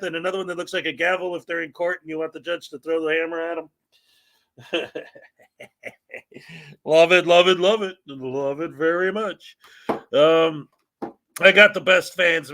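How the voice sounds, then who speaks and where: A man hosting a casual livestream, greeting viewers by name in a lively, upbeat way. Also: a little high, vocal fry. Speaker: livestream host.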